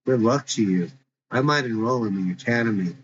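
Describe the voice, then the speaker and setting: A man's voice: mid-range voice, fairly quick, a little hiss or hum, close to an everyday voice. A man voicing a tough, distrustful teenage girl who talks bluntly and with slang, in a dull lo-fi recording.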